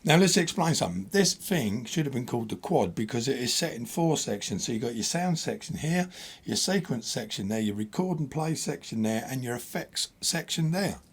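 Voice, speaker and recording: Husky guy hosting a gear demo, blunt and chatty. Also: mid-range voice, normal speed. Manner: blunt, animated, chatty explaining. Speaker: host. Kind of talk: casual gear demo chat.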